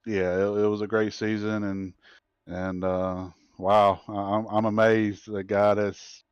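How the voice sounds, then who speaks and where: A man who runs the racing league and drives in it, giving a halting post-race interview and often repeating his words. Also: lowish voice, level tone, smooth, no echo, highs cut off.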